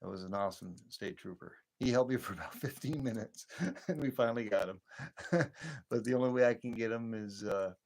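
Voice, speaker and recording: A man with a fairly low voice hosting a relaxed late-night livestream. He rambles from story to story, laughs easily and answers viewers' comments as they come in. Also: a little fast, creaky. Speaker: livestream host.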